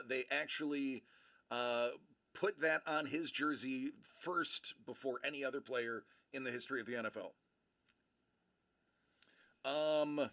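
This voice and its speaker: A man's voice: mid-range voice, bright, forceful tone. A man hosting a livestream, chatting casually and playfully and answering viewers by name. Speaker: livestream host.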